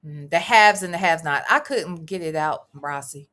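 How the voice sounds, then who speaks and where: A woman's voice: sits low, normal speed, pushed and bright. A middle-aged woman, chatting casually on a live reaction stream, reading comments and wandering off topic with swearing and laughing asides.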